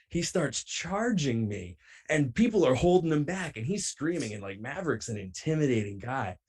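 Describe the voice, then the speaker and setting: A man, a professional wrestler who is a guest on a show, tells a road story in an animated way and acts out the other people's lines. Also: medium pitch, normal speed, husky.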